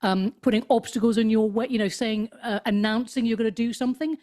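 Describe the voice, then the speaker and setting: A woman in her fifties, a comedian and author, chatting in an interview in a rambling, animated way with many restarts. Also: fairly high pitch, a little fast. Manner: animated storyteller, swoops up into mock voices. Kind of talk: casual interview chat.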